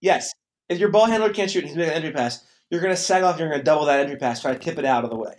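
A man hosting a casual sports podcast, opinionated and sarcastic, rattling off points in quick bursts. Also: on the high side. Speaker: podcast host.

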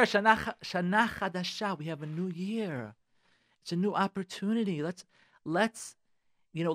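A middle-aged man hosts a radio talk show, speaking straight to his listeners with insistent advice and repeating his points for emphasis. His voice is a little high and a bit bright, captured in a dry, studio-quality recording.

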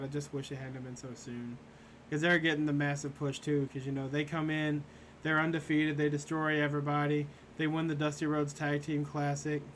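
In this casual podcast, a young male host goes over wrestling matches, rambling and leaning on fillers. He has a fairly high pitch, and there's slight background noise.

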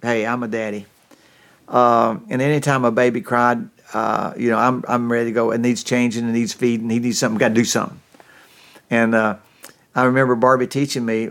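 A middle-aged man preaching a sermon in a middle-pitched voice. He tells the story in a folksy, homespun way, often restarting his sentences. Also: little pitch movement, a little fast, fairly bright tone. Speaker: pastor.

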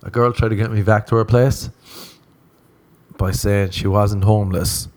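A man's voice: on the low side, fairly even intonation, moderate pace. A man telling rambling, crude, self-mocking stories as a podcast host, often laughing as he goes. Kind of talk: comedic storytelling monologue.

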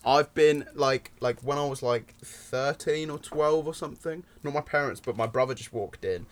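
A man's voice: mid-range voice, moderate pace. A young man telling crude stories in a casual podcast chat. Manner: crude, animated storytelling. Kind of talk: casual banter.

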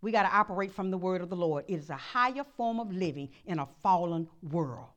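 A woman pastor preaching a sermon, swinging from soft asides to loud call-and-response exhortation. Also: on the low side, expressive, brisk, muffled recording.

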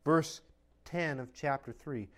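A pastor delivers his sermon in a high male voice, pressing each point with rhetorical questions. His preaching is emphatic and unbending, driving home what he holds as fixed truth. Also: slow.

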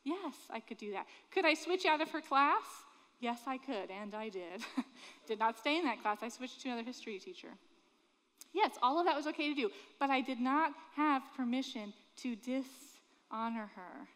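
A woman preaching a sermon in a fairly high voice, earnest and conversational, asking her listeners question after question. Her words carry a long reverb from a big hall. She grew up in Florida. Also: lively intonation, normal speed, a bit bright.

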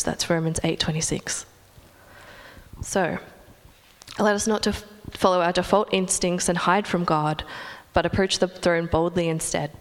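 A young woman preaching a sermon in an earnest, measured way, with reflective pauses. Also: lowish voice, steady tone, long reverb tail.

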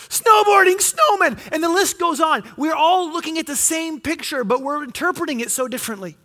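A pastor preaching a sermon, telling a story and acting out what people say. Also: male voice, fairly quick, sharp tone. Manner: storytelling, acting out quotes with rising pitch.

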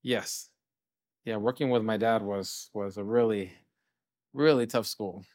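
A man's voice: lowish voice, unhurried, darkish tone, no echo, studio quality. A man, a chef and restaurant co-owner from California, telling stories in a casual interview, full of "you know" fillers. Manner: rambling, fillers like "you know", acts out quotes.

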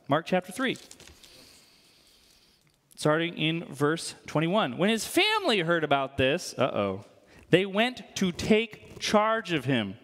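A man's voice: sits high, wildly swooping pitch, a little slow, fairly bright tone. A man preaching a sermon as a pastor. He talks in a casual, joking way and often checks in with "right?". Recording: long hall reverb.

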